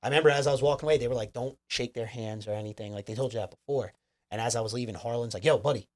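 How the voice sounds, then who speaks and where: A man's voice: medium pitch, fairly even intonation, rapid-fire. A man, a comedian guest, telling a rambling, profane story in casual chat. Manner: profane, rambling, lots of fillers.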